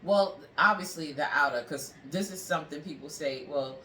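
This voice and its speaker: A woman's voice: low voice, moderate pace, sharp tone. A woman giving relationship advice in a casual chat, talking bluntly and with emphasis, and often checking that the listener agrees. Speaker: relationship advisor guest. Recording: roomy, distant mic with faint background noise.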